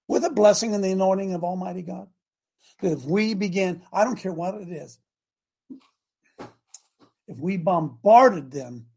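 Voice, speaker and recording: Gravelly man preaching in bursts. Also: sits high. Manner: exhorting, swings from shouts to quiet asides. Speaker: host. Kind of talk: fiery preaching talk show.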